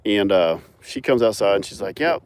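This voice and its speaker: A young man telling animated, laughing stories outdoors on a mountain farm, filmed on a phone. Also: fairly low pitch, moderate pace, slight background noise. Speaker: farmer and animal owner. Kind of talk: casual storytelling vlog.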